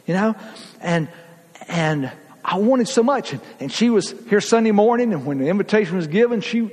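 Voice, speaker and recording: Husky, animated male preacher in a reverberant hall. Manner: folksy, emphatic preaching with big swings in pitch and loudness. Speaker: pastor. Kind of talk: sermon.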